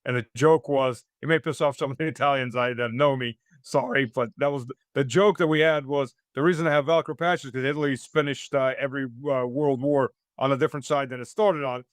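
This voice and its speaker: A man's voice: mid-range voice, fairly even intonation, fairly quick, hardly any pauses, dry recording, studio quality. A middle-aged man from the United States giving blunt, sardonic commentary as an interview guest, with many hesitant fillers.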